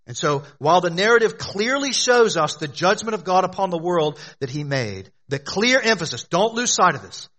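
A man's voice: sits high, sing-song, normal speed, few pauses, a bit bright. A man preaching a sermon to a congregation, emphatic, often asking questions and answering them. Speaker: pastor.

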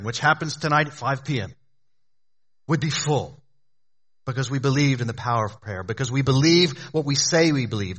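A man pastor preaching an earnest, exhorting sermon, often dropping low and quiet for emphasis.

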